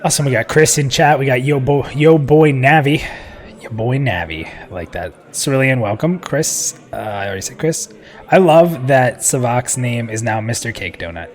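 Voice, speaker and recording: A man's voice: medium pitch, lively intonation, moderate pace. A man hosting a live stream show in casual chat, joking and chatty, laughing often.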